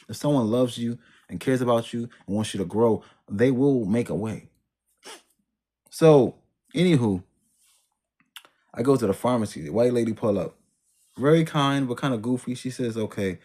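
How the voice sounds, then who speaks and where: A man's voice: medium pitch, darkish tone. A man telling a personal story in a casual, rambling way, full of slang, restarts and trailing sentences.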